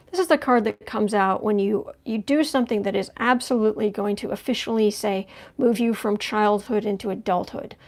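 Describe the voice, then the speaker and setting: A woman with a somewhat high voice hosts a livestream tarot reading. She talks through each card as she turns it over, thinking aloud in a loose, conversational way. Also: a little mellow. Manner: thinks aloud while turning cards, conversational. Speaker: tarot reader.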